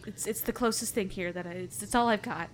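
A woman's voice: fairly low pitch, level tone, gravelly, slight background noise. A woman voicing a frightened young woman adventurer who halts and stammers over her words. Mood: distraught. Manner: halting, stammering.

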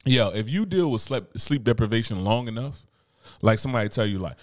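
Animated man with a lively, swooping voice. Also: medium pitch, brisk, no echo, clean studio sound. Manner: animated, profane, laughs often, acts out quotes. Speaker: podcast co-host. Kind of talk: casual chat.

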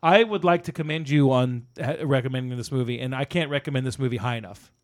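A man's voice: medium pitch, fast talker. A man co-hosting a casual movie review chat, enthusiastic and casually profane as he praises scenes. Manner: enthusiastic, swears casually, laughs while telling. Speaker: podcast co-host.

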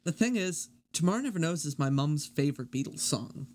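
Easygoing teasing podcast host. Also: male voice, a little high, animated, a little fast, a little mellow. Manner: easygoing, teasing, frequent short agreements. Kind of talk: casual podcast chat.

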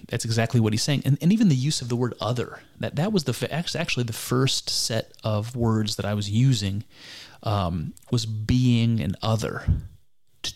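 A man giving a reflective spoken commentary on a text, earnest and musing, often stopping to restart his sentences. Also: fairly low pitch. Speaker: speaker discussing mysticism.

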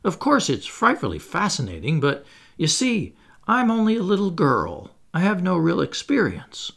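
A man's voice: sits high, wildly swooping pitch, moderate pace, vocal fry, a bit bright, pitched above the performer's own voice, heavily acted. A man reading aloud voices Wendy, a prim, earnest little girl who takes on a motherly role, in a storybook reading. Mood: wondering.

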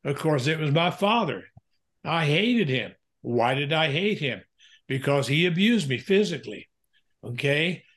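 Male counselor guest, somewhat high voice, earnest preacherly storyteller with frequent uh fillers. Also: animated, unhurried, fairly bright tone. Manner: earnest and preacherly, with many "uh" fillers, quotes scripture. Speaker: Christian counselor and author, interview guest. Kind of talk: heartfelt interview storytelling.

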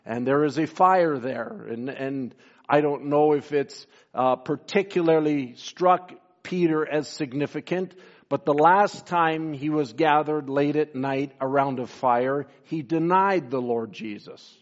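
A man preaching a sermon, pausing often with fillers and reading scripture in old-style wording. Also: on the high side, lo-fi sound. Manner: slow, halting delivery with many fillers, reads scripture in King James wording. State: briefly emotional. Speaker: pastor.

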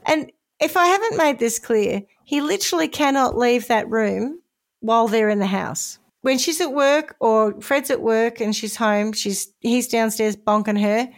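A woman host tells a story in a casual, comedic podcast style. Her voice sits a little on the high side. She talks in a chatty way and slips in jokey asides. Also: unhurried.

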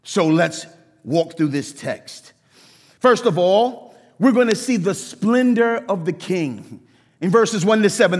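A man preaches with lively, animated delivery, acting out voices as he teaches. His voice sits high for a man. The sound carries a long reverb from a church sanctuary. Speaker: pastor. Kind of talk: sermon.

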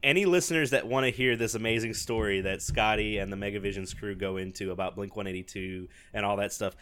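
A young man co-hosting a podcast, enthusiastic and quick to laugh in casual chat. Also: fairly low pitch, a bit bright, a little hiss or hum. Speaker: podcast co-host.

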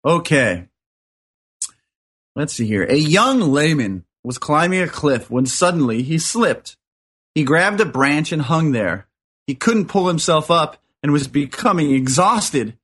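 A man's voice: on the high side, sing-song, measured pace, fairly bright tone, slightly rough. A man co-hosting a casual radio chat show, easygoing and a bit hesitant, reading listener mail. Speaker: radio co-host.

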